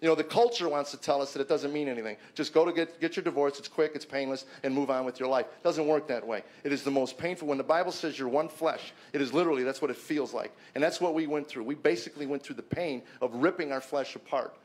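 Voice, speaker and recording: A man's voice: a little high, fast talker, few pauses. A middle-aged man, a comedian, earnestly telling a personal story to an audience in a conversational way, often restarting and repeating words. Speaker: comedian giving a personal testimony.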